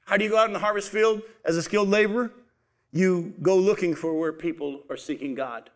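Man preaching, high voice, lively questions and answers to the congregation. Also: brisk. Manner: animated, asks the congregation questions then answers them; addresses listeners as folks. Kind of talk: sermon.

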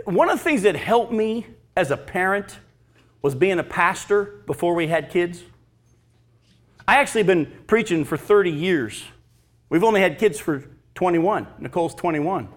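A pastor in his fifties preaching a sermon, emphatic and animated, mixing teaching with personal stories. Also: high voice.

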